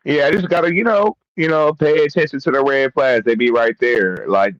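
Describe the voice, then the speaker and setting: A man streaming, calmly talking through a situation with lots of fillers. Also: medium pitch, normal speed, no room sound, muffled recording. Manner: calm, filler-heavy, reflective. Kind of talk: casual stream talk.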